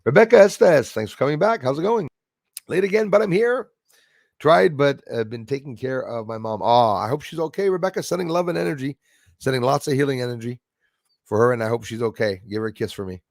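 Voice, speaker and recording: A man's voice: medium pitch, animated, fairly quick, gravelly, a little mellow, dry recording, clean studio sound. A man hosting a live stream, chatting casually, laughing easily and thanking viewers by name. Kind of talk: casual chat reading viewer comments.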